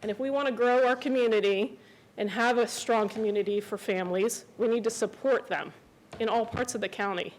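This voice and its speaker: A woman's voice: fairly high pitch, a little fast, slight background noise, low-quality recording. Resident woman, forties, earnest and emotional, pleading at a county meeting. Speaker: resident speaking at public comment. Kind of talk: public comment at county meeting.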